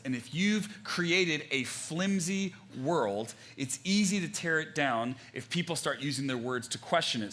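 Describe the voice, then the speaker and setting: Young male pastor, conversational sermon, bright forceful tone, slightly high voice. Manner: animated, conversational preaching with many fillers and restarts.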